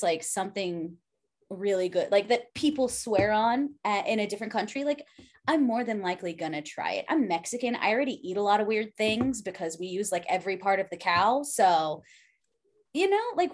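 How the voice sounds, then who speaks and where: A woman's voice: mid-range voice, very animated, moderate pace. A woman co-hosting a casual podcast chat, playful and laughing often. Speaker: podcast co-host.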